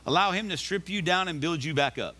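A man's voice: on the high side, fairly quick, pushed and bright. A male pastor preaching a sermon in a conversational style, often rising to emphatic calls to the congregation. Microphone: live recording of a church service.

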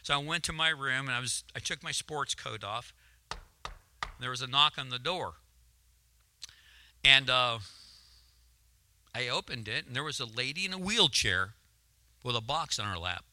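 A man's voice: medium pitch, animated, moderate pace, pauses often, pushed and bright. A man preaching a sermon testimony, turning emotional and building to fervent, rising exclamations. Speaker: guest preacher. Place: church sanctuary. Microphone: handheld mic, at times held away.

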